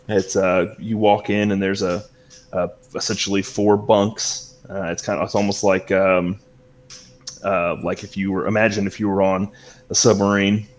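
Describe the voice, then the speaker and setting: Low-voiced game master narrating. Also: male voice. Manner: relaxed, with many fillers.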